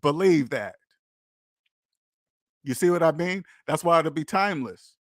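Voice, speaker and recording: A man's voice: fairly high pitch, lively intonation, a little slow, no echo. Emphatic lecturing man, dry sound. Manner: emphatic, repetitive, lecturing the viewers. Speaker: personal finance channel host. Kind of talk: preachy direct-to-camera monologue.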